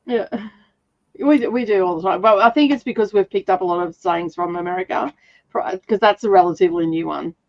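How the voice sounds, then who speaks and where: A woman's voice: medium pitch, fairly quick, a little mellow, no room sound, lo-fi sound. An Australian woman hosting a casual reading livestream, chatty and laughing often as she greets viewers. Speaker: reading sprint host.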